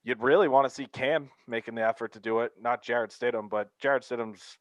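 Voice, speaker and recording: A man's voice: mid-range voice, fairly even intonation, fairly quick, no room sound, rough recording. A man co-hosting a casual sports podcast, blunt and dismissive, swearing casually.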